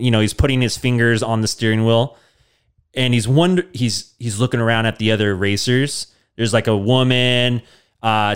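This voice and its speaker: Rambling comedic man, smooth voice. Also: medium pitch. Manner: rambling, deadpan, full of fillers. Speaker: podcast host. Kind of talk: casual comedic storytelling.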